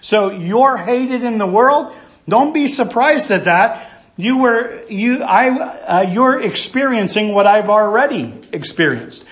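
A pastor preaching an expository sermon, earnestly teaching through a passage verse by verse and asking rhetorical questions. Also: male voice, high-pitched, lively intonation, slow, a bit bright.

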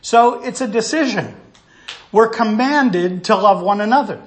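High-voiced man preaching verse by verse. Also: unhurried. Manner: earnest, teaching verse by verse; asks rhetorical questions. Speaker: pastor. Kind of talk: expository sermon.

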